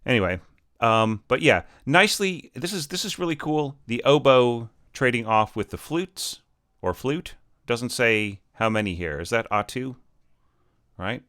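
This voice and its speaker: A man's voice: medium pitch, expressive, measured pace, fairly bright tone, no room sound, studio quality. A man giving a casual, rambling critique of orchestral scores as a teacher, full of fillers and restarts.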